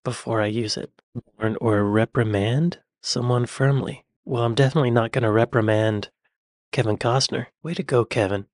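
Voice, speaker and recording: American man, reaction video host, casual musing chat, mid pitch, dry close sound. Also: steady tone, normal speed, dry recording. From United States. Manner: chatty, musing aloud, drops to near-whispers.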